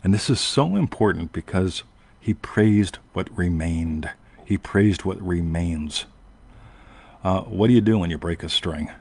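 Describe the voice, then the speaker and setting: Deep and a little mellow, with a breathy edge, this American podcast host's voice moves a little slowly. He tells a long, rambling personal story in a relaxed way, interrupting himself and repeatedly asking "right?"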